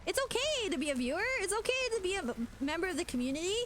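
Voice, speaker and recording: A young adult woman streaming as a VTuber, chatting casually in an animated way with lots of fillers. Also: very high voice, very fast, slight background noise. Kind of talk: casual live-stream rant.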